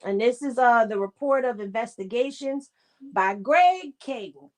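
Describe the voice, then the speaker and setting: A woman co-hosting a casual chat, reading documents aloud and breaking off for quick asides. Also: fairly high pitch, animated. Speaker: co-host.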